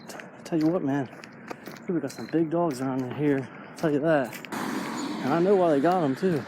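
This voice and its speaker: A man's voice: on the high side, moderate pace. Rambling man vlogging on a walk. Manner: rambling, says "man" a lot. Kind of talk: casual walking vlog monologue. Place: outdoors on a neighborhood street. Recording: noisy outdoor street recording.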